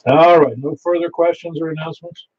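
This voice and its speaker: A man's voice: on the high side, steady tone, a little fast. Folksy man running a radio net. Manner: folksy, rambling, repeats details to confirm them. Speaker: net control operator for an amateur radio net. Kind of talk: casual radio net announcements. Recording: slightly dull sound with faint hiss.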